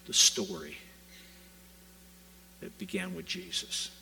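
A male pastor preaches a sermon in a church sanctuary, his voice gravelly and bright with a forceful edge. He tells stories with animated energy and slips into the voices of the people in them. He stands a little back from the microphone, so the sound carries some distance. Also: high voice, takes it slowly, a little hiss or hum. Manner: animated storytelling, voicing the people in his story.

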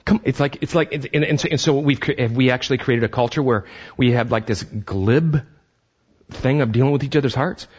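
Husky-voiced man preaching a lively sermon. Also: mid-range voice, fairly quick, highs cut off. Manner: animated, acts out voices and restarts often. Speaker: pastor.

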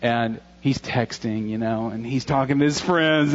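A man in his forties preaches to his congregation in a relaxed, conversational way, earnest and now and then joking. His voice sits at an ordinary pitch. The recording sounds a little dull and lo-fi. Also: unhurried. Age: 40s. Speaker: pastor. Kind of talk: sermon.

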